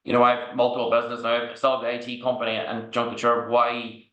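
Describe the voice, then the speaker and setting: A man's voice: medium pitch, monotone, quick pace, sharp tone. An Irish man as a podcast guest, telling frank, rambling stories and checking in with "right?" as he goes. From Ireland. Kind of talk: candid storytelling interview. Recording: echoey room recording.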